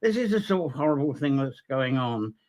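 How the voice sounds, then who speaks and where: A man's voice: mid-range voice, very animated, brisk, darkish tone. A man hosting a live nature folklore stream from Ireland, talking loosely with many fillers and restarts. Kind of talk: live-streamed solo talk.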